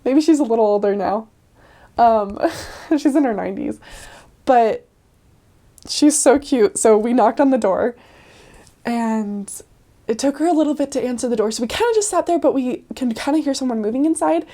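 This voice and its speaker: A young adult woman who is a returned missionary tells stories casually in an interview, chatty and full of "like" and laughter. Her voice is fairly high and warm, at a normal speed.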